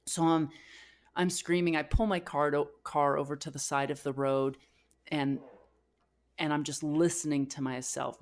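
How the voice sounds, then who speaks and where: Low-voiced woman sharing a raw story. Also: normal speed, a little mellow. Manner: candid, emotional retelling with frequent fillers and restarts. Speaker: podcast co-host. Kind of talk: personal storytelling.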